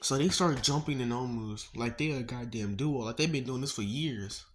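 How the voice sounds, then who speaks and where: A man narrates a fan-made story in a loose, casual way at an ordinary middle pitch. He rambles, drops slang and swears, and breaks off for asides. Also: moderate pace, a little hiss or hum.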